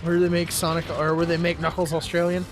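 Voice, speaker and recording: A man's voice: a little high, monotone, fast talker. Playful man riffing over game music. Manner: rambling, playful, fond of doing voices. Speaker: let's play co-host. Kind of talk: casual gaming chat. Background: video game music.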